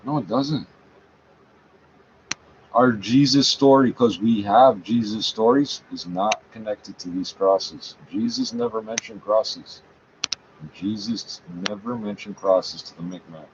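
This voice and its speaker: A man's voice: on the low side, sing-song, unhurried, gravelly. A man reading a page aloud and talking back to it, scornful, correcting it and swearing often. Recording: dull lo-fi sound, faint background noise.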